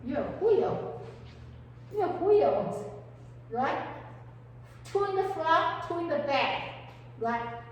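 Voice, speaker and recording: In a classroom lecture on counseling, a woman often questions her students, using non-native English phrasing. She speaks extremely slowly with long pauses, in a high, expressive voice. Picked up by a far-off mic in an echoey hall, the audio sounds dull with a bit of hiss or hum.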